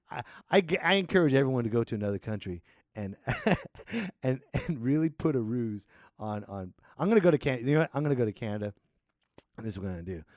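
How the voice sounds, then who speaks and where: Animated comedic podcast host, a man. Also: medium pitch, quick pace, no room sound, studio quality. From United States. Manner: animated, laughs often, slips into voices. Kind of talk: comedic solo rant.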